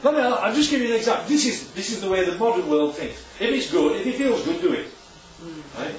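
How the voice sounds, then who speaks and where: A man's voice: high voice, animated, fast, a little hiss or hum. A man teaching the Bible to a small church group, asking them questions and joking as he goes. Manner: asks the audience questions constantly; jokey asides. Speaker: preacher. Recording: roomy, distant, dull lo-fi room recording.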